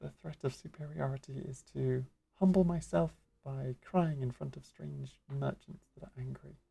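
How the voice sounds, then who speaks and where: Woman streamer, deadpan little asides, very dark gravelly voice, husky. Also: a bass voice, moderate pace. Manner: dry, wry asides. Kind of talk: casual gameplay commentary.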